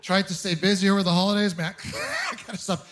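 A man from Ontario works a stand-up set, his voice sitting high for a man. He tells his stories deadpan and breaks into quick voiced asides, sounding like he's in his thirties. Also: heavy background noise. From Ontario, Canada. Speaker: stand-up comedian. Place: comedy club stage with a live audience laughing.

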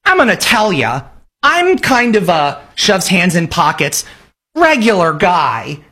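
A man's voice: high-pitched, very animated, slow, bright, forceful tone, slightly rough, heavily acted. A man mocking a sing-song theater kid. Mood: earnest theatrical. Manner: sing-song, earnest, showy.

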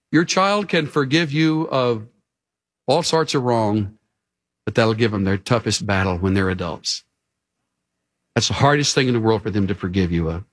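A man preaching a sermon in an earnest way, dropping low and soft for emphasis. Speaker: pastor.

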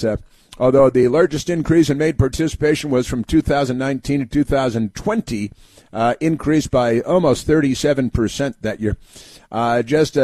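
A man hosting a talk show, giving sarcastic political commentary in a halting delivery full of fillers and restarts. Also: mid-range voice, darkish tone, no echo. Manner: sardonic, mock-cheerful asides.

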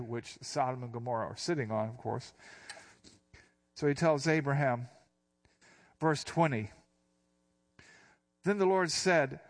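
An older man, a pastor, giving a conversational Bible teaching, reading verses aloud and then explaining them in a relaxed way. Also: medium pitch, measured pace, pauses often. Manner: relaxed and explanatory, reads scripture then unpacks it.

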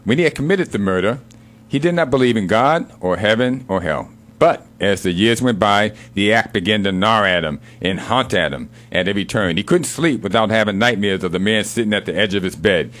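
A man co-hosting a casual show, telling a joke and reading sports history in an unhurried storytelling manner. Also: fairly low pitch, lively intonation, fairly bright tone.

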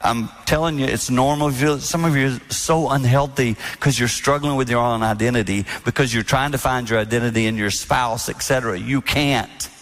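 A man giving a sermon-style talk on marriage to an audience, earnest and storytelling, sometimes acting out soft-spoken quotes. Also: mid-range voice, brisk, hardly any pauses. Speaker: speaker on marriage.

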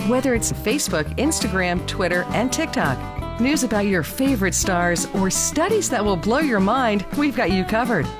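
A woman reads a podcast promo in a breezy way, her voice rising and falling a lot. A music bed sits clearly underneath. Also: mid-range voice, expressive, normal speed.

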